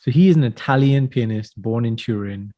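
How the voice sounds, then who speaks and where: In a muffled recording, a medium-pitched man talks a little fast as a podcast co-host. He chats casually and tells stories enthusiastically, frequently saying "man."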